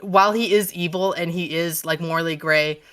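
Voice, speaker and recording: Bright-voiced, gushing woman author. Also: lowish voice, fairly even intonation, normal speed. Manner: gushing, profane, rambling with restarts. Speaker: author being interviewed. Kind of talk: casual podcast interview.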